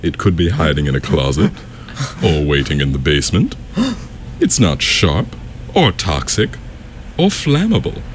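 A man putting on the voice of a creepy old grandpa with a vampiric hint, reading a public service announcement in a deep, slow, ominous way. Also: very animated, slight background noise, exaggerated voice. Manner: drawn-out, menacing delivery.

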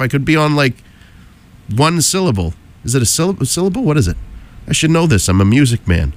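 A male radio DJ with a hoarse, froggy voice from a cold, talking on air from a studio mic. He rambles in a loose, chatty way and drops jokey asides. His voice sits at an ordinary middle pitch. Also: expressive, quick pace. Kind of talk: casual on-air chat.

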